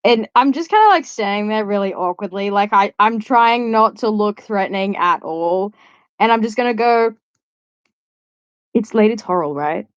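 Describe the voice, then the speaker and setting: A woman's voice: medium pitch, moderate pace, clean tone, no room sound. Casual woman player, dull muffled sound. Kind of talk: casual tabletop play.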